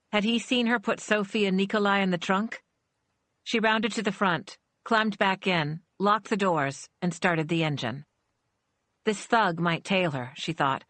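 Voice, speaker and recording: A woman narrating a suspense audiobook in a measured storytelling manner, voicing the characters with small shifts. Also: fairly low pitch, a bit bright, no room sound. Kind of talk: scripted narration.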